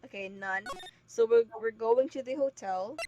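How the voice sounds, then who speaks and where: A woman streams a game in a casual let's-play, chatting and laughing often. Her voice is a little high and warm at a moderate pace, and the lo-fi stream mic picks up faint background noise.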